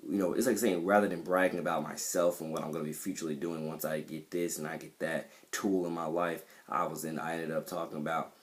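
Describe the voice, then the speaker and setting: A man who is an independent rapper talks casually about his music, rambling and repeating himself with many fillers. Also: rumbling low. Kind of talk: casual monologue to camera.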